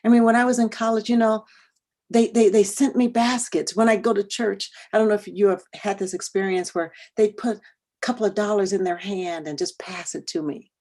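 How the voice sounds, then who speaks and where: Leading an educational workshop, this middle-aged woman from the United States has a medium-pitched voice. She swings from quiet, earnest asides to loud, emphatic outbursts, repeating phrases to drive points home.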